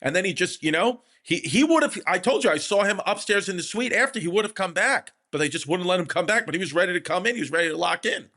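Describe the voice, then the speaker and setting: A man's voice: high-pitched, expressive, fast, hardly any pauses, sharp tone. A man hosting a comedy podcast, telling stories in a rambling way with lots of fillers and restarts. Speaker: podcast host. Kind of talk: casual comedy podcast chat.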